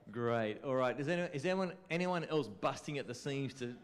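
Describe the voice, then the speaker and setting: A man's voice: mid-range voice, expressive, brisk. A man with an Australian accent presenting a conference class in a chatty, informal way, often turning to the audience with questions. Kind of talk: informal teaching talk. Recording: reverberant hall sound.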